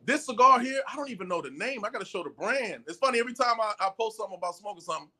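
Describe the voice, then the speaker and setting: A middle-aged man, a podcast guest, telling profane stories in an animated way and acting out the voices of the people in them. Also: high voice, racing. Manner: excitable and profane, acts out voices in his stories. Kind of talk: animated storytelling in casual chat.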